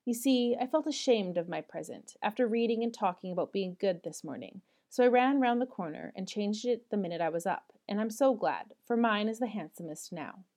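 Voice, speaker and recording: A woman's voice: mid-range voice, expressive, a little fast, few pauses, darkish tone, natural voice. A woman reading aloud voices an earnest, slightly vain youngest girl explaining herself.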